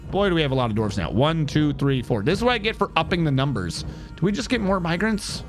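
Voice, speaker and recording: A man streaming a strategy game, chatting casually and reading in-game text aloud with wry, sarcastic asides. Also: fairly high pitch. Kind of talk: casual gameplay commentary.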